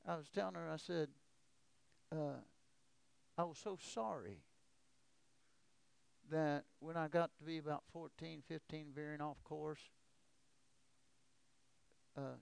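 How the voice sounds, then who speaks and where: A man preaching a testimony sermon, telling a story that builds to a shouted exhortation. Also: fairly high pitch, vocal fry, clean tone, no echo.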